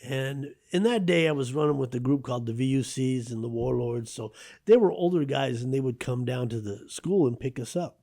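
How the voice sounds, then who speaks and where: Brief: fifties male author guest, gravelly mid-range voice, lively conversational storytelling. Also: mid-range voice, a little fast. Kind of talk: radio interview storytelling.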